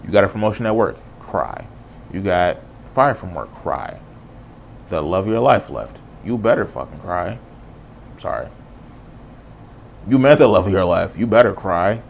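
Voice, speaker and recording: Low gravelly man, earnest podcast talk. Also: very animated, unhurried, pauses often, slight background noise. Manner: earnest, casual, reflective, says "bro". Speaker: podcast host. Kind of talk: solo podcast monologue.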